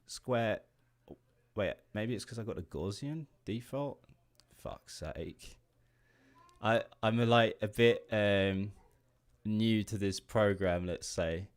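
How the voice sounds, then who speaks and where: Drawing on a livestream, a late-20s game developer from England talks in a fairly low voice. He rambles and loses focus easily, laughs a lot, and drops casual swears.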